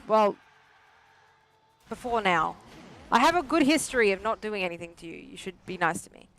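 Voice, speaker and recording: A game streamer who narrates every hit out loud, with pitch that leaps all over the place. They yelp and then talk themselves back down with self-mocking calm. A faint hiss of noise sits under the voice. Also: normal speed. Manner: frantic self-talk with sudden yelps. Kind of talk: live gameplay commentary with chat.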